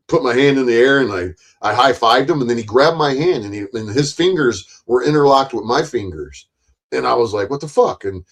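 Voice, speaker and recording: A man in the middle of a long, rambling story, swearing freely and doubling back over his own words. His voice sits at an ordinary middle pitch. When he quotes what people said, it jumps up higher and louder for a moment. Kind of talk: casual profane storytelling.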